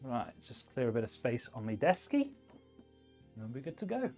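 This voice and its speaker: A man's voice: mid-range voice, wildly swooping pitch, normal speed, darkish tone, soft background music. Chatty man giving blunt PC advice. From United Kingdom. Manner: chatty, blunt advice, thinks aloud while working. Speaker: livestream host, PC builder. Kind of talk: casual live-stream chat.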